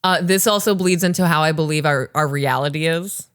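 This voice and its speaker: A woman in her thirties co-hosting a podcast, reading listener stories and chatting casually, animated and swearing freely. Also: low-pitched, a little fast, clear, resonant tone. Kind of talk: casual chat and story reading.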